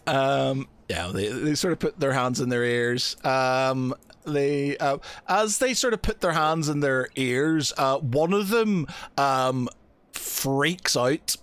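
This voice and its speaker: A man narrating a tabletop game as game master, halting often with fillers and giggling. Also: medium pitch, animated, fairly bright tone, smooth, no echo. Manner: hesitant, many fillers and giggles.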